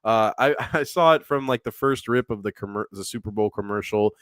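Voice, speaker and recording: A man's voice: on the low side, brisk, a bit bright, no room sound. A young man co-hosting a casual podcast, rambling, laughing often and reading viewer comments aloud. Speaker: podcast co-host reading chat.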